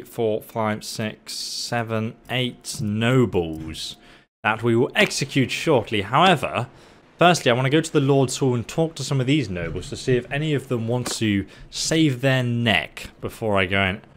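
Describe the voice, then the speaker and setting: A man's voice: mid-range voice, lively intonation, moderate pace, a bit bright. A man commentating his strategy game playthrough with playful banter, taunting enemy soldiers as he goes. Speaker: gameplay commentator. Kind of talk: let's play commentary. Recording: faint background game music.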